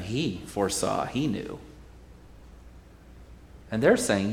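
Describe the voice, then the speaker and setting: Male pastor, unhurried sermon delivery, wry storyteller, mid-pitched. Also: expressive, reverberant, big-room sound. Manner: conversational, wry, leans into stories.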